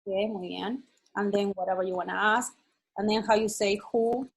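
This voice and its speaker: A woman teaches a lesson online. Her voice is slightly husky and sits at a middle pitch. She explains patiently and keeps checking that her student follows. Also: steady tone, normal speed, rough recording. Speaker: Spanish teacher.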